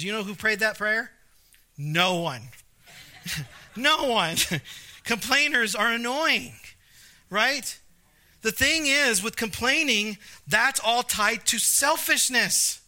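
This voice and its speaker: High-voiced, very bright male pastor. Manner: conversational, often repeats words, acts out quotes. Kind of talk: sermon.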